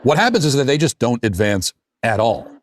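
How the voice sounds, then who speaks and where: A man making a measured argument in a calm, lecturing manner. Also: mid-range voice, no echo. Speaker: commentator in a played clip.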